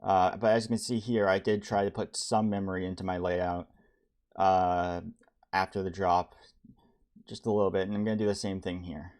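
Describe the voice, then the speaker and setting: Halting young man streaming, low voice. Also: flat delivery, a little mellow. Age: young adult. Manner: halting, many restarts and ums, reads chat aloud. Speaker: streamer building a game level. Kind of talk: casual live-stream talk.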